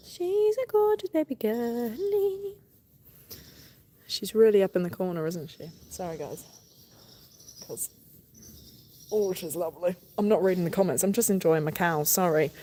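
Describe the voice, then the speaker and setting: A woman's voice: lowish voice, warm tone, slight background noise. A young woman farmer chatting casually on a livestream, affectionate and apologetic toward viewers, recorded on a phone camera in a barn. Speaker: farmer livestreaming a calving watch. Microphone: phone camera on a tripod. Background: birds and animal sounds.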